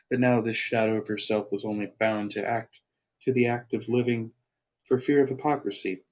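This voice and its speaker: A man's voice: mid-range voice, normal speed, a little mellow. A man reading his own first-person story aloud, then chatting casually and self-deprecatingly about his writing. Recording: lo-fi, dull sound.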